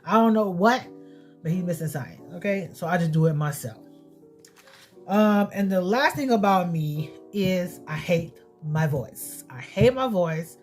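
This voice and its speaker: A woman in her thirties with a lowish voice chats straight to camera for her vlog. She is blunt, swears freely and circles back over the same point, with faint music playing behind her. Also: animated, measured pace, a little mellow. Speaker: beauty and family vlogger. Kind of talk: casual vlog chat.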